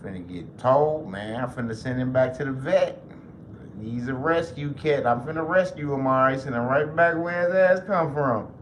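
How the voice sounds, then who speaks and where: A man's voice: mid-range voice, moderate pace. A man hosting a casual livestream, joking loosely and swearing freely as he talks to viewers. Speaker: livestream host. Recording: roomy echo with faint noise.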